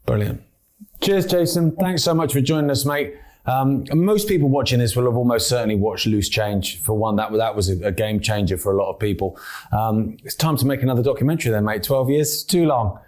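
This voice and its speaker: Male interview host, mid-pitched, easygoing, halting, says "mate" often. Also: a little mellow. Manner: casual, halting, many restarts, says "mate". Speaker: show host. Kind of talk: casual interview chat.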